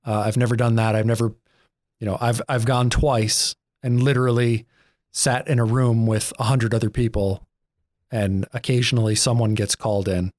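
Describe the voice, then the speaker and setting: A man's voice: medium pitch, level tone, normal speed, darkish tone, no room sound, clean studio sound. A man, co-hosting a podcast in a rambling, self-deprecating, jokey way. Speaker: podcast co-host. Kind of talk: casual chat.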